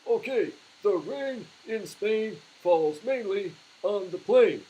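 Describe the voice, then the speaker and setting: A man voicing a goofy male hand puppet who recites slowly and deliberately. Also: sits high, animated, dark tone, husky, voice pushed up, exaggerated voice, rough recording. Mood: reciting. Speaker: puppet sidekick.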